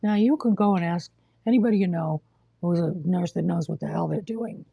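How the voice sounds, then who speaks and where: Talking briskly about hospital care on a casual livestream, the host has a low, mellow voice that's husky and gravelly, captured close and dry with the highs cut off. They cough, run short of breath, and sound blunt, exasperated and lecturing.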